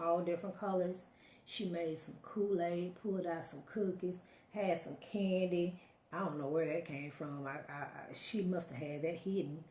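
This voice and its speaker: A woman's voice: fairly low pitch, a little mellow, reverberant. A woman giving an emphatic motivational talk to her viewers, preaching and telling stories, calling listeners honey. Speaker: motivational live-stream host.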